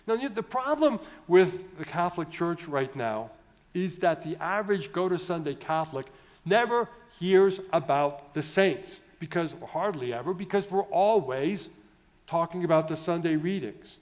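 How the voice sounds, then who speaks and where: A priest gives a keynote talk to a large conference hall. He sounds chatty and jovial, wanders into asides and restarts his sentences often. His voice sits a little higher than most men's. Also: animated, normal speed, darkish tone. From United States. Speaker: Catholic priest, keynote speaker.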